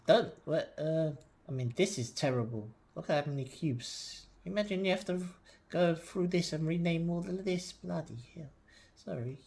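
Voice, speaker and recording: Male streamer, quiet and mumbly, hesitant, thinks aloud, sits back from the desk mic. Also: on the high side. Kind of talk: casual live-stream commentary while working. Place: home desk. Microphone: desk mic, sometimes leaning back from it.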